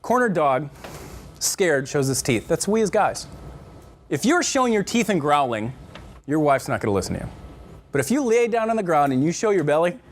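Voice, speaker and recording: A middle-aged male counselor lecturing a church marriage class with a fairly high voice. His pitch swings widely as he jokes and acts out little voices, and a faint hiss sits behind him. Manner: animated and joking, acts out quotes in voices. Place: church classroom with a live group.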